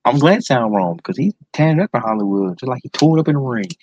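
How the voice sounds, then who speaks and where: A man's voice: medium pitch, expressive, fast, darkish tone, a little hiss or hum. Hyped man on a lo-fi podcast mic. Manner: enthusiastic, slangy, repeats words for emphasis. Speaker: podcast host. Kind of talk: casual solo podcast commentary. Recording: dull lo-fi sound, dry close mic.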